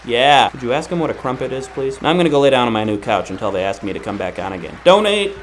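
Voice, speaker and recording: A man delivering a comedic vlog monologue with deadpan, rapid-fire jokes. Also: medium pitch, slight background noise. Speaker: vlogger.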